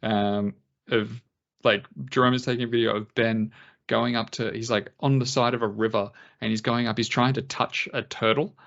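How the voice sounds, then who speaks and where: A man's voice: medium pitch, fairly even intonation, normal speed, creaky, a bit bright, muffled recording. Sweary Australian man reading comments. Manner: sweary, jokey, reads listener comments aloud. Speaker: podcast co-host. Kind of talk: casual sports podcast chat.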